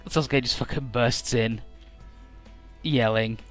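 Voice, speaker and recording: A man's voice: medium pitch, fairly even intonation, slow pace, a bit bright, faint music behind. A young man giving casual, rambling commentary over a story game, swearing freely. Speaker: let's player.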